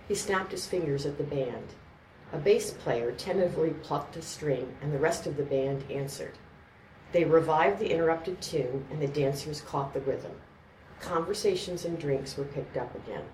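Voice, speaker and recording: In a steady, measured way, a woman with a notably low voice narrates a scripted story. The mic is placed at some distance in an echoing room, picking up a faint background murmur and slight noise.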